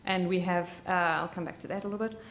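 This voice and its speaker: A woman with a slight Southern US drawl giving a live software training, chatty and full of ums and self-corrections. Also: on the low side, steady tone, fast talker.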